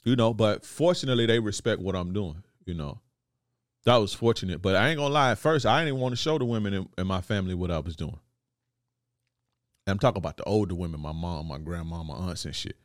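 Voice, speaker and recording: A man's voice: deep voice, quick pace, no room sound, clean studio sound. A man hosting a podcast, talking to listeners in a blunt, slangy, profane monologue and often asking if they follow. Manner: blunt, repeats "you see what I'm saying". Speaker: podcast host.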